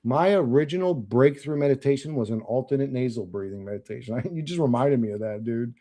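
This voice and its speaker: Gravelly-voiced man cursing casually. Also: mid-range voice, expressive, brisk, mellow. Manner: profane, blunt, laughs often. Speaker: streamer reading chat. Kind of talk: casual livestream chat.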